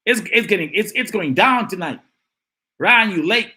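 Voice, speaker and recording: A man hosting a live-stream of political commentary, animated and emphatic, who repeats phrases and greets and reads out chat comments. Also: high voice, normal speed, breathy edge.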